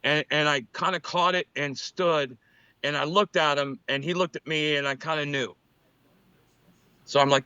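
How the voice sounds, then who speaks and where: A man tells baseball stories in a relaxed podcast chat, his voice bright and a little high for a man. He talks in bursts and restarts his sentences as he goes. The sound is dry and slightly dull. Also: normal speed, clean tone, dry recording. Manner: animated anecdotes, frequent restarts. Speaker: former MLB pitcher, co-host. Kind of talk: casual storytelling chat.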